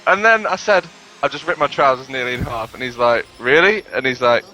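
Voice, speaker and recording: A man's voice: mid-range voice, expressive, brisk, bright, forceful tone, slight background noise. A young man, a podcast co-host telling rambling, sweary anecdotes in casual chat.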